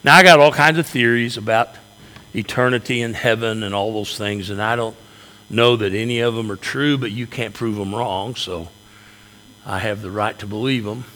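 A man's voice: lowish voice, moderate pace, sharp tone. A male pastor preaching a sermon in a church with folksy humor. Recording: echoey hall reverb.

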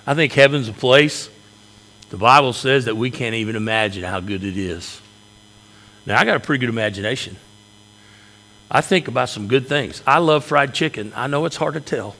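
A man's voice: mid-range voice, moderate pace, sharp tone. A male pastor preaching a sermon in a church with folksy humor. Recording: echoey hall reverb.

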